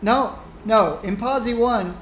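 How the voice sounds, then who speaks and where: Chatty high-voiced gaming streamer man. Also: takes it slowly, a bit bright, roomy sound, a little hiss or hum. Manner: chatty, rambling, laughs often. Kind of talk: casual gameplay commentary.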